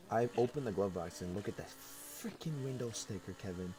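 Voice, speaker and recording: A man's voice: fairly low pitch, moderate pace, a crowd in the background. A young man streaming, telling a work story in casual chat with lots of laughs. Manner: animated storytelling with frequent laughs.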